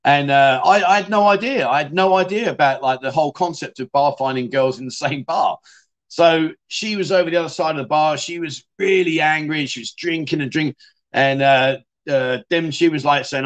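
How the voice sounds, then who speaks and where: Chatty male livestream host, slightly high voice. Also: brisk. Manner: chatty storyteller, friendly to viewers. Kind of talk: casual livestream chat. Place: home in Thailand.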